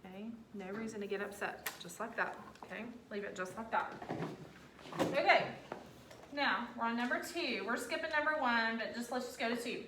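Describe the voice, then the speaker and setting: A woman's voice: on the high side, normal speed, background noise. A woman teacher, patiently talking her students through a classroom lesson step by step. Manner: patient, coaxing, talks students through steps. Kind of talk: classroom instruction. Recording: roomy classroom audio from a distance.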